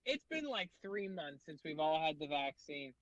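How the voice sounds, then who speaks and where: A man with a fairly high voice tells rambling, animated stories on a podcast, packed with fillers and curse words. The sound is dull and lo-fi, and the room is dry and close. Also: normal speed, no room sound. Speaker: guest comedian. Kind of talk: casual storytelling chat.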